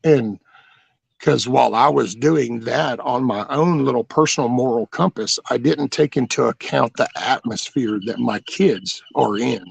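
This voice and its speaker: Gravelly, raspy middle-aged man rambling. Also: mid-range voice, unhurried, no echo. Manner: rambling, blunt and profane, with many restarts. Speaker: channel host telling his life story. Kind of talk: casual storytelling.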